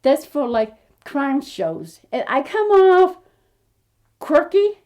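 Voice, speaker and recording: A woman's voice: high-pitched, very animated, takes it slowly, a little mellow. An American woman of fifty chatting to camera about her acting journey, telling her story in a rambling, quirky way full of restarts. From United States. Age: 50s. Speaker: aspiring actress and vlogger. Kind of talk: casual chat to camera.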